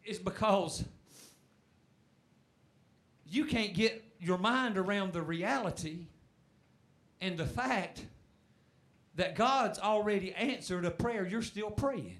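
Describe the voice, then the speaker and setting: A man preaching a sermon, moving from shouted calls for praise to quieter, quicker teaching. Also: high-pitched.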